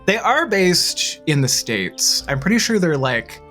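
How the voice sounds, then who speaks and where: Chatty woman streamer, voice bouncing up and down, giggly, quiet music behind. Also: lowish voice, very animated, a little slow, hardly any pauses. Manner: chatty, bubbly, laughs often. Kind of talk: casual live-stream chat. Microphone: desk mic.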